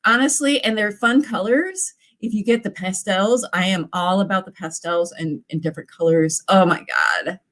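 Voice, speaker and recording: A woman's voice: medium pitch, moderate pace, hardly any pauses. Bubbly woman author, chatty livestream host gushing over viewers. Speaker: author hosting live writing sprints. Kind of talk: casual livestream chat.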